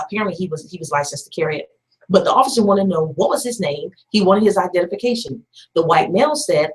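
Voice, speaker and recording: A woman's voice: on the low side, poor audio. A woman hosting a call-in radio talk show, telling a story conversationally with lots of hesitations and pointed asides.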